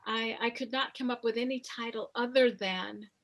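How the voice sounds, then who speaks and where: A woman in her fifties, an author interviewed about her memoir, telling her story slowly and reflectively with many pauses. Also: on the high side, fairly even intonation, fairly bright tone. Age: 50s.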